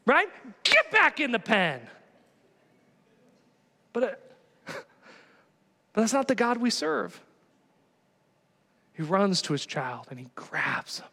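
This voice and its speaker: A man preaching a sermon in a conversational, animated way, often asking the congregation rhetorical questions. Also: sits high, slow pace, vocal fry, long pauses, big-room sound. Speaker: pastor.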